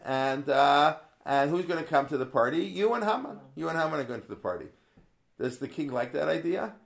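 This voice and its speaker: A religious studies teacher with a brisk, medium-pitched voice and vocal fry leads a conversational Torah lesson. He quotes Hebrew verses and asks many rhetorical questions, often going off on tangents and restarting.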